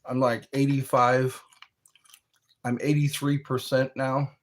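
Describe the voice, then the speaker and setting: A man's voice: mid-range voice, flat delivery, slow. A man hosting a live stream, chatting in a rambling, playful way while he snacks and spells words out.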